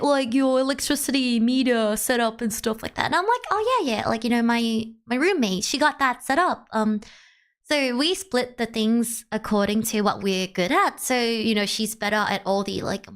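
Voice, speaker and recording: A woman streamer telling a long story to her chat in a rambling, animated way, with lots of "like" and restarts. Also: on the high side. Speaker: VTuber streamer.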